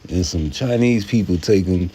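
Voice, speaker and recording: A man's voice: sits low, normal speed, warm tone, slight background noise. A man ranting casually and profanely about boxing, rambling as he goes. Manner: profane, rambling, slips into mocking put-on voices. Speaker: boxing commentator. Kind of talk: casual rant to camera.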